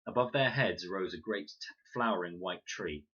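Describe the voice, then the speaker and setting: A man reading a children's novel aloud in an expressive, animated way. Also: sits low, normal speed, breathy edge. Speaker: storybook reader. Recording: dull lo-fi recording.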